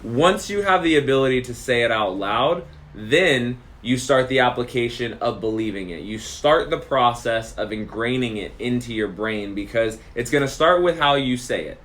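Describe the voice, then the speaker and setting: A man's voice: medium pitch, lively intonation, normal speed, few pauses, fairly bright tone. A man hosting a podcast, talking straight to the listener in an emphatic motivational monologue that repeats phrases for effect. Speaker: podcast host.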